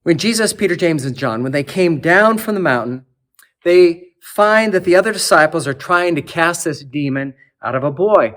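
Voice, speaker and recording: Earnest male preacher, fairly high voice. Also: animated, moderate pace. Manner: earnest, builds lists and drops to a soft low close. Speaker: archdeacon preaching. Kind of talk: sermon. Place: cathedral.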